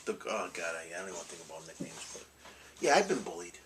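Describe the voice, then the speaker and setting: A man rambles through a casual collectibles vlog, blunt and full of restarts and mild curses. His voice is bright and forward. He sits a little away from the microphone. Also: deep voice, very animated, quick pace, distant mic, slight background noise, low-quality recording. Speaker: collectibles channel host.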